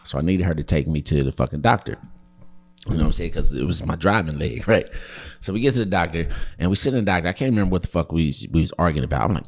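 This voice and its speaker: A man's voice: low voice, animated, fast talker. A man co-hosting a podcast, telling a rowdy story in casual, profane chat, laughing and acting out the voices of the people in it.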